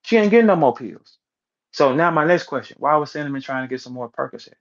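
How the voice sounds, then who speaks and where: A man giving blunt, profane commentary in an animated rant, punctuated by rhetorical questions. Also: fairly high pitch, fast, highs cut off.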